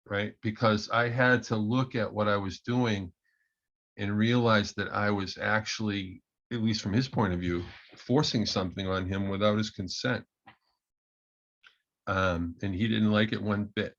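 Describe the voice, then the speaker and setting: A man's voice: lowish voice, a bit bright, lo-fi sound. A man presenting as an agile coach, telling a story in a hesitant way with many ums and restarts. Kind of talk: storytelling talk at an online meetup.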